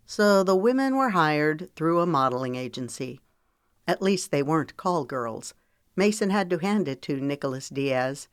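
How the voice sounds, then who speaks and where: A woman narrating an audiobook in a measured, even storytelling manner. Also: sits low, smooth, no room sound, clean studio sound.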